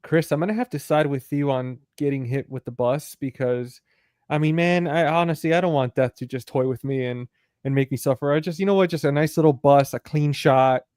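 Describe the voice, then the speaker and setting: A podcast host in casual chat, asking questions haltingly with many fillers. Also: male voice, a little high, darkish tone, no echo, clean studio sound.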